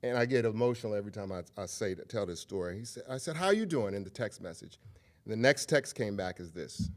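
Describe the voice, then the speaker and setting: A man's voice: on the low side, fast talker. A man giving a public lecture, telling stories and talking directly to the audience in a conversational way. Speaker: guest lecturer.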